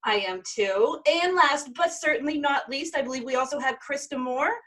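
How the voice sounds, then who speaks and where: A woman's voice: high-pitched, moderate pace, a bit bright, poor audio. A woman from Maine hosting a live virtual sales event over a video call, introducing guests with enthusiasm. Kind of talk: upbeat live webinar hosting.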